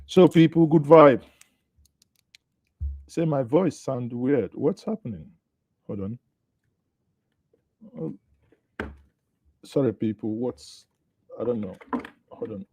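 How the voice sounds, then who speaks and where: A man's voice: mid-range voice, animated, takes it slowly, long pauses, darkish tone, slightly rough, dry recording. A Nigerian man hosting a live online news show, chatting with viewers and commenting on the headlines. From Southeast Nigeria. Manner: chatty, greets viewers, thinks aloud. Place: studio.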